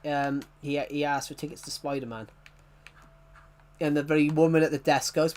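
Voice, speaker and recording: A young man with a slightly high voice rambles through casual live-stream chat. He is self-deprecating, chuckles often, and trips over his own sentences as he goes. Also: level tone, moderate pace, long pauses, darkish tone.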